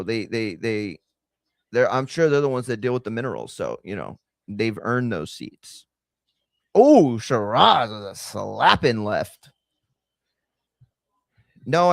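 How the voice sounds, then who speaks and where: A man's voice: mid-range voice, dry recording, studio quality. A man casually commentating a boxing watch party on a live stream, loose and slangy, talking straight to his chat. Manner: loose, slangy, chatty, addresses chat directly.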